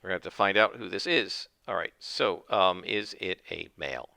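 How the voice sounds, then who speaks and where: A man's voice: sits low, moderate pace, gravelly, pushed and bright, dry recording. A man narrating his solo tabletop game, thinking aloud with many fillers.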